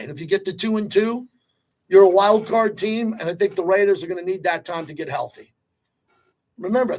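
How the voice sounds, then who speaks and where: Man, sports radio host, high voice, energetic, rapid-fire.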